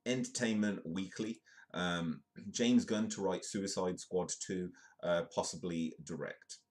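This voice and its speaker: Host: hoarse British man, extremely deep voice, rambling live-stream news chat full of ums. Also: a little slow, darkish tone. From United Kingdom. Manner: rambling, lots of ums and restarts, jokey asides. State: hoarse, voice sounds bad.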